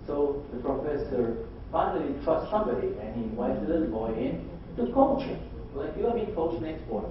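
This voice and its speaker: A man's voice: fairly high pitch, slight background noise. A man from the Philippines with a Filipino accent, giving a sales seminar, telling stories in a conversational way and checking in with the audience. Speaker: sales trainer. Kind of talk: seminar lecture with storytelling. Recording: echoey hall, distant dull mic.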